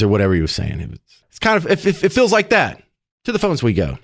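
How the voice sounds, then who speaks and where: A man's voice: lowish voice, big pitch swings, quick pace, no room sound. Man hosting talk radio, dry sound. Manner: opinionated, joking, conversational. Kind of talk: casual talk radio chat. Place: radio studio. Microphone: studio microphone.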